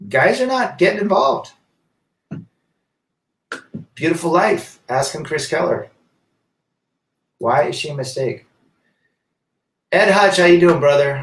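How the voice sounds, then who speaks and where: A man's voice: on the high side, very animated, unhurried, long pauses, recorded from a distance. Man live-streaming in a roomy echo. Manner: reads viewer comments aloud and riffs on them; emphatic, rhetorical questions. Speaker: livestream host reading chat. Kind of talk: casual live-stream commentary. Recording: roomy echo, set back from the mic.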